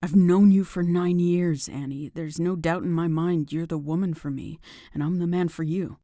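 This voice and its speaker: A woman voicing a tender, devoted young man in an audiobook romance, speaking low, soft and earnest. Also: fairly even intonation, moderate pace, no room sound, clean studio sound, natural voice.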